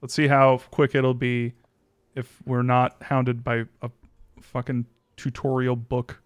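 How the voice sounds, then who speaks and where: Slow-talking sarcastic male streamer. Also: mid-range voice, flat delivery, smooth, no room sound. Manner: sarcastic, joking, often mutters asides. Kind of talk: casual let's-play commentary.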